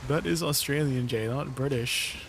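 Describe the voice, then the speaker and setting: A man live-streaming, chatting casually with his viewers, playful and quick to laugh. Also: medium pitch, gravelly, slight background noise. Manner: playful, laughs often, talks to chat.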